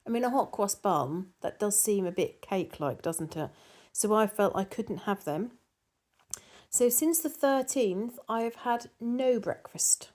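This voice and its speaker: A middle-aged woman chats to her viewers in an easy, rambling way, reading out their comments and answering them. She talks at an ordinary pitch, with plenty of ums and restarts. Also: animated, unhurried, darkish tone. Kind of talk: casual chat to camera.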